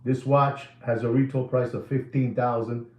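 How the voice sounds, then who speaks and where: A man's voice: medium pitch, flat delivery, moderate pace. Emphatic man in an echoey room. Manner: emphatic, repetitive, mixes in Spanish phrases. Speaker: watch market commentator. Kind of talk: animated price commentary.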